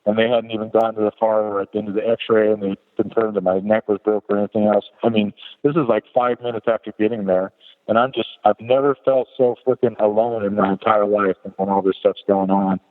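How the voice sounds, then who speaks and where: Middle-aged male podcast guest, low voice, candid rambling storyteller, heard on a phone-like line with long reverb. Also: fairly even intonation, fairly quick. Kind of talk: personal story told in an interview.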